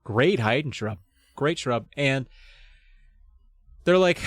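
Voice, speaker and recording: A man's voice: medium pitch, lively intonation, drawn-out words, pauses often, dry recording. Dry-sounding man joking through a recap. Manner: joking, rambling with fillers and asides. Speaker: podcast host. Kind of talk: casual comedic book recap.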